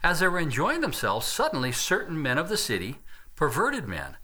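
A man's voice: fairly high pitch, wildly swooping pitch, moderate pace, pushed and bright, slightly rough. A man preaching an expository sermon, reading Bible verses aloud and breaking in with his own asides.

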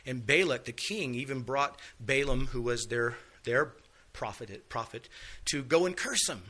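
A man's voice: mid-range voice, animated, measured pace, bright, forceful tone. A man teaching a Bible lesson, retelling stories in a folksy, conversational way and casually acting out the characters' lines. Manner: folksy storytelling, acts out quotes casually.

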